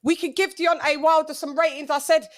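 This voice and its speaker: A high-pitched woman hosts a call-in sports show. She drives her points home, repeating them in street slang. Her voice sounds close and dry, with no room echo. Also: steady tone, brisk. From England. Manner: emphatic, repeats herself for effect, slangy. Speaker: host.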